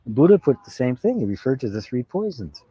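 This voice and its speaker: Mellow, husky-voiced man in a lo-fi recording. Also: mid-range voice, sing-song, fast, dry recording. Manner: reflective, frequent "right?" and soft laughs. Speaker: spiritual teacher. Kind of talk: satsang talk. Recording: dull lo-fi sound.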